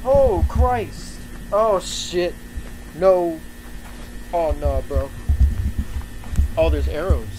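A man's voice: on the high side, animated, drawn-out words, long pauses, darkish tone, slight background noise. A man hosting a reaction video, swearing and exclaiming in fright as he watches. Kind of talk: casual reaction commentary.

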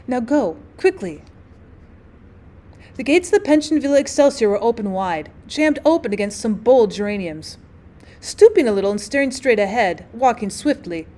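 Expressive woman reading a classic story. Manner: expressive, voices the dialogue with small pitch shifts; occasional slips and restarts. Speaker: teacher reading aloud.

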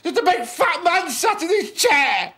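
A lonely fat man, soft voice. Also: extremely high pitch, very animated, unhurried, full character voice. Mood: confessional. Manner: soft-spoken, plain, calls people love. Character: lonely, very fat middle-aged man, gentle and wounded. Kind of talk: TV comedy-drama acting.

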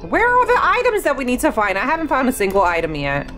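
A woman hosting a gaming channel, giving excitable play-by-play commentary to herself with sudden shrieks. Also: high-pitched, quick pace, soft background music. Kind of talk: live gameplay commentary.

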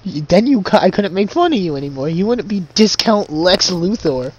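A man's voice: high-pitched, sing-song, lo-fi sound, a little hiss or hum. A man playing a taunting young guy. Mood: mocking. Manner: taunting, drawn-out teasing delivery.

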